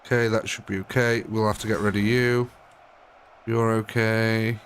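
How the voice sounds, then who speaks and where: A man's voice: on the low side, level tone, moderate pace, fairly bright tone, slight background noise. A man commentating a live strategy game, chatty and thinking aloud, often talking straight to the units on screen. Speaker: gaming streamer.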